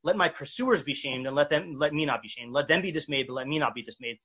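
A man teaching a text study class, reading verses slowly and explaining them with many fillers and restarts. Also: on the high side, bright, forceful tone, slightly rough. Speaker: Torah teacher. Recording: dull lo-fi recording.

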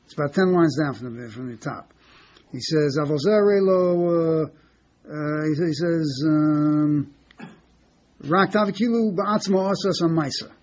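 A man teaching a Talmud class in a halting way, often repeating words and checking in with his listeners. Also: on the high side. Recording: dull lo-fi recording with faint hiss.

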